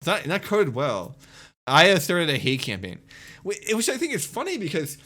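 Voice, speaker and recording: Young male streamer, fired-up rant, bright edgy tone, a touch higher than most guys, swears freely. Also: wildly swooping pitch, normal speed. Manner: exasperated, swearing, repetitive rebuttals. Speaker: streamer responding to a critic. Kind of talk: casual ranting commentary.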